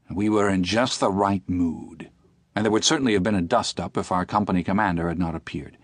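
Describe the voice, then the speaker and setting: A man narrating an audiobook in a measured, steady reading. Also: low voice, no echo.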